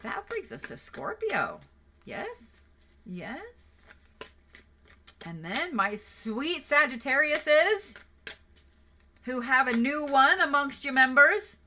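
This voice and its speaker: Lady doing zodiac readings on a stream, chatty, cussing and giggling, bright high-ish voice. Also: big pitch swings, slow pace. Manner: chatty, playful, swears and giggles. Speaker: reiki practitioner and tarot reader. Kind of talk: casual livestream zodiac reading.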